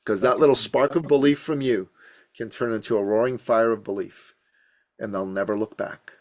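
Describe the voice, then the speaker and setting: A man with a fairly low, darkish voice speaking at normal speed tells his motivational story on a podcast. He is a business coach in his fifties from Iran, and his delivery is emphatic, punchy, and rhythmic.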